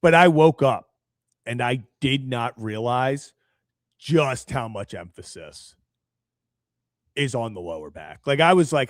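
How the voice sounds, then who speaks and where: A man's voice: on the high side, sing-song, measured pace, no echo, clean studio sound. A man in his twenties co-hosting a sports talk show, telling a story in easygoing casual chat. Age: 20s. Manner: easygoing, storytelling with many fillers.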